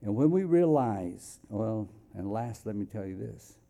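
A man preaching slowly and deliberately. His voice is very dark and mellow. He rises to loud, emphatic calls and then drops to hushed, intimate near-whispers. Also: on the low side, expressive, gravelly. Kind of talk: sermon.

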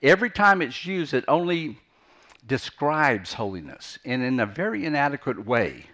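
A man's voice: medium pitch, sing-song, moderate pace, sharp tone. A man preaching an unscripted teaching sermon, earnest, often repeating phrases for emphasis and restarting his sentences. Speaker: pastor.

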